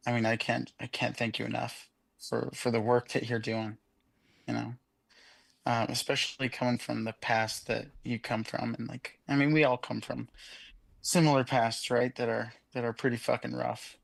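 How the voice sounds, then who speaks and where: A man speaks earnestly and haltingly, with a flat and gravelly voice. The sound is dry and close, as on a video call. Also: mid-range voice, no room sound. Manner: halting, many fillers and restarts, earnest. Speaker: meeting participant. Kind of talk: heartfelt thanks in a support meeting.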